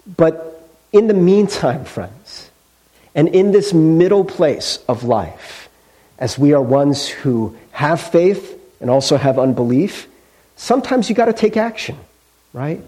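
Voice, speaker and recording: A man's voice: fairly high pitch, expressive, takes it slowly, dark tone. A male pastor preaching a sermon in a conversational storytelling way, with casual fillers.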